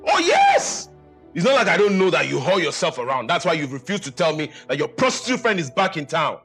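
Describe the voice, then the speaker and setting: A man's voice: on the high side, expressive, fast, fairly bright tone, soft background music. An actor playing a bitter husband who confronts his wife in a film drama. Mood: accusing. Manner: bitter, accusing, heated. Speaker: film character.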